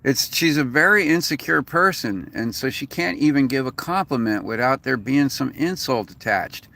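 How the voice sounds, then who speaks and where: A man's voice: mid-range voice, expressive, normal speed, gravelly, bright, forceful tone. A man venting in a rambling, profane, casual rant as a vlogger. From United States.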